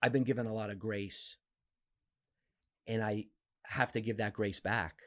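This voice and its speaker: A man in his fifties from New Jersey, a podcast guest telling stories from his life in a casual, animated way. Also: unhurried. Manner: animated, acts out quoted voices with big pitch jumps. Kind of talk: casual storytelling interview.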